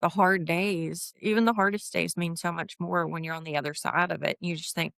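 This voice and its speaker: A woman's voice: on the low side, a little fast, creaky, no room sound. A woman in her fifties, a podcast guest, telling her story candidly and acting out the voices in it. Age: 50s. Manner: animated, acts out quoted voices.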